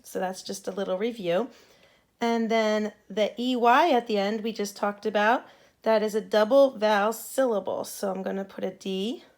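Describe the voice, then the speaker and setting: A woman teacher giving a patient phonics lesson to young students, modeling sounds clearly for them to repeat. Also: medium pitch.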